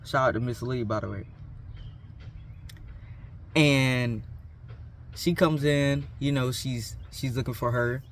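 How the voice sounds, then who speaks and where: A man's voice: medium pitch, takes it slowly, long pauses. A young man telling a school story in a casual, slangy, self-mocking way. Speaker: vlogger.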